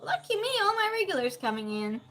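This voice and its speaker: A woman's voice: extremely high pitch, sing-song, a little fast, fairly bright tone. A woman hosting a casual live-stream game night, chatting, laughing often and greeting viewers by name from her desk at home.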